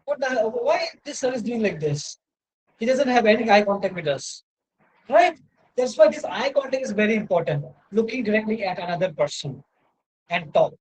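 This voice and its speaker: This man, a university lecturer with an Indian English accent, gives a video lecture indoors through a laptop microphone, and the audio quality is poor. His voice sits high and sounds animated at a normal speed as he rambles, repeatedly asking "right?" and saying "you know".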